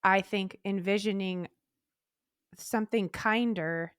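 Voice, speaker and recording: A woman's voice: mid-range voice, takes it slowly, fairly bright tone, clear, resonant tone, no room sound, clean studio sound. A woman co-hosting a podcast, talking frankly and animatedly in a candid chat, swearing freely. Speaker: podcast co-host. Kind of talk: candid casual conversation.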